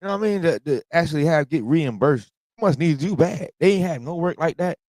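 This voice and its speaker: Slangy guy reacting to a clip, talks high with big swings in pitch, dry sound, joking and complaining. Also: animated, fairly quick, a little mellow, dry recording. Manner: slangy, laughing, exaggerated complaints. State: has a cold. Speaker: reaction video host. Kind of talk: casual reaction commentary.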